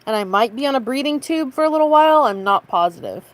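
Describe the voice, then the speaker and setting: A woman chatting casually on a late-night stream from her bedroom, often coughing and clearing her throat. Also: expressive, fast. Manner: high baby-talk voice to her cat.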